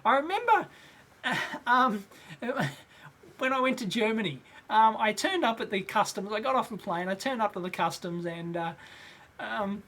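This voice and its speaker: A man's voice: high-pitched, animated, normal speed, pushed and bright. A middle-aged Australian man hosting a casual live question-and-answer show, rambling with many fillers and frequent chuckles. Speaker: host.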